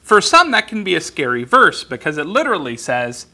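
A man preaching a sermon that explains scripture word by word, in a deliberate way with frequent ums and restarts. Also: a little high, big pitch swings, sharp tone. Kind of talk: expository Bible teaching.

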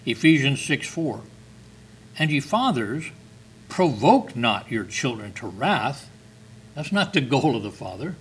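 A man's voice: mid-range voice, very animated, unhurried, fairly bright tone, husky, low-quality recording. An older man preaching a sermon, reading scripture with earnest, emphatic stresses.

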